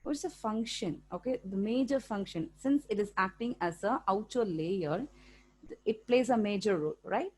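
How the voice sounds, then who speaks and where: A woman's voice: medium pitch, expressive, moderate pace, a little mellow, husky. A woman with an Indian English accent teaching a school science lesson, explaining step by step and often checking in with "okay?". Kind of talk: classroom lecture for students.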